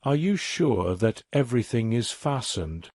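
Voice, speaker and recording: A man narrates an older banker father who speaks with stern indignation, his mid-range voice steady and dry. He sounds like an audiobook character, close to the mic. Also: medium pitch, measured pace, no echo.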